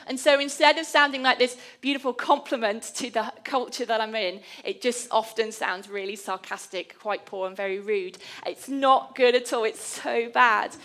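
Bright-voiced woman preaching. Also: a little high. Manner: conversational, self-deprecating, animated storytelling. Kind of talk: sermon.

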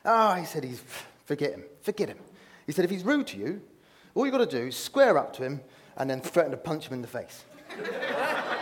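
A man giving an informal sermon to a room of listeners, chatty and self-deprecating, often laughing at himself. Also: on the high side. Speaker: preacher. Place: room with an audience.

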